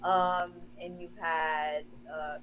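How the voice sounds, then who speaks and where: A woman's voice: lowish voice, flat delivery, extremely slow, dull audio, background noise. A young woman from the Philippines, a wrestler guest in a casual interview, talking with enthusiasm and giggles and often restarting her sentences.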